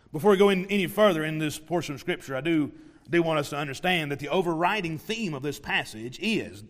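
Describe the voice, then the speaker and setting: A man with a high voice preaches an evening sermon in a church. He keeps it conversational and playful, teasing the congregation and acting out the characters. His voice rings through the long reverb of the hall.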